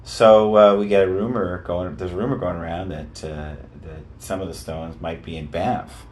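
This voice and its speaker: Deep-voiced man telling road stories. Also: normal speed. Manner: animated, rambling, lots of restarts. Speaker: guest musician. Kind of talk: casual interview storytelling.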